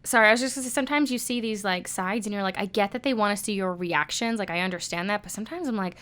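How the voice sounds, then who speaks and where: A woman's voice: mid-range voice, fast talker, hardly any pauses, fairly bright tone. A woman co-hosting a podcast, chatting casually and animatedly, swearing now and then. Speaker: podcast co-host. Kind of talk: casual chat.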